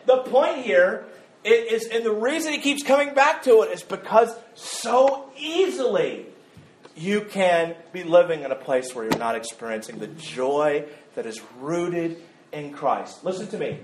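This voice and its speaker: A man with a high voice preaches a sermon, speaking in a loose, joking, conversational way. He often stumbles and repeats words as he builds his point. His voice rings in an echoey church room. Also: expressive, moderate pace, a little hiss or hum. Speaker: pastor. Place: church sanctuary.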